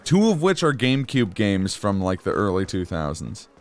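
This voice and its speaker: A man's voice: deep voice, sing-song, normal speed. A man casually commenting as he streams a game, chatty, rambling and self-deprecating.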